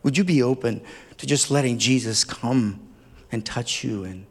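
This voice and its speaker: A man's voice: mid-range voice, normal speed. A man preaching a sermon as a pastor, speaking earnestly and tenderly, building at times to fervent emphasis. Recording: long hall reverb.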